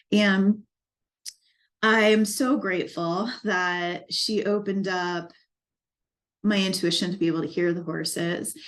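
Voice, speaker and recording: A middle-aged woman speaks in a slightly low voice. She tells her own story for a documentary interview, earnest and reflective, with feeling close to the surface. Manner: earnest, reflective, emotionally moved. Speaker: equine life coach.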